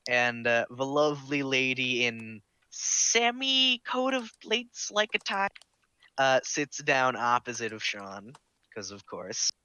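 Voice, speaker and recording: A man's voice: mid-range voice, big pitch swings, takes it slowly, sharp tone, clear, resonant tone, no echo. A man narrating as game master of a tabletop game in online voice chat, casual and full of fillers.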